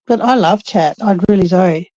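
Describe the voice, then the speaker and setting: A woman's voice: medium pitch, moderate pace, warm tone, no echo. A woman chatting earnestly and reflectively with friends on a late-night stream. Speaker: chat regular. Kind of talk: casual chat. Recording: muffled lo-fi audio.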